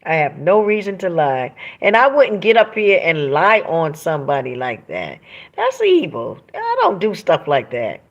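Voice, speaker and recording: A woman's voice: low voice, huge pitch swings, normal speed, hardly any pauses, muffled recording. A woman hosting a livestream, reading viewer comments aloud and talking in an emphatic, preachy way that repeats phrases for emphasis. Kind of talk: emotional livestream monologue.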